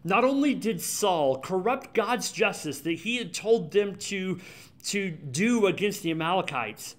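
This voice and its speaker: A pastor preaching a sermon in a church in a conversational, emphatic way. He repeats his main points for weight. His man's voice sits a little higher than usual. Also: lively intonation, unhurried, fairly bright tone. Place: church sanctuary.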